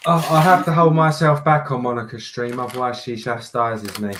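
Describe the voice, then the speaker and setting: A man's voice: mid-range voice, fairly even intonation, normal speed, a bit bright, slight background noise. A man chatting playfully on a livestream, joking around and trying out silly accents. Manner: playful, jokey, breaks into song and silly accents. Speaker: co-host friend on stream. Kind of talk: casual livestream chat.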